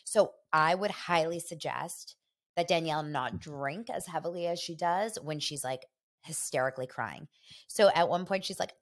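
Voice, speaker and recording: A woman hosting a podcast, gossiping in a chatty, animated and opinionated way. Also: deep voice, moderate pace. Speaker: podcast host. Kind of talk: casual gossip chat.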